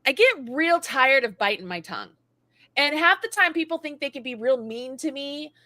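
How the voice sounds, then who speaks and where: An animated middle-aged woman from the United States co-hosts a casual live-stream chat. Her voice sits high and bright, and the sound is close and dry, with no room around it. She often jumps up in pitch to mimic people. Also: moderate pace, dry recording. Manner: animated, acts out quoted critics in a high voice. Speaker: co-host, knitting and crochet designer.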